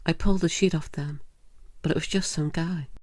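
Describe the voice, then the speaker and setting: A man's voice: a little high, a little fast, dry recording, pitched above the performer's own voice, close to an everyday voice. A man voicing Liz, a scheming lady cat. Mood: deadpan. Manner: deadpan absurd one-liners. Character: dim, scheming female cat panelist.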